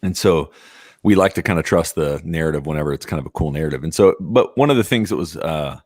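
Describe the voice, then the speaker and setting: Very deep-voiced male podcast host. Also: quick pace, darkish tone, no room sound, clean studio sound. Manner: joking, then rambling analysis. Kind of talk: casual chat.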